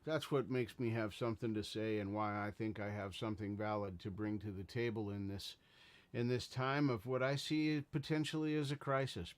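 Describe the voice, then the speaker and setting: A man hosting a casual livestream, talking earnestly and rambling as he greets viewers in chat. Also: on the low side. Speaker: livestream host.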